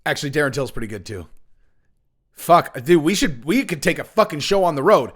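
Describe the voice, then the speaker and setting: A man's voice: fairly high pitch, sing-song, fairly quick, fairly bright tone. Brash, profane middle-aged man ranting. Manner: brash, profane, rambling with lots of fillers. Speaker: MMA commentator, channel host. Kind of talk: casual ranting commentary.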